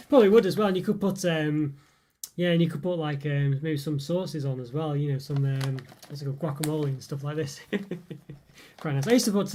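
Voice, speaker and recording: A man with a mellow, slightly high voice hosts a relaxed livestream reviewing snacks. As he answers comments from viewers, he rambles, using many fillers and chuckling often.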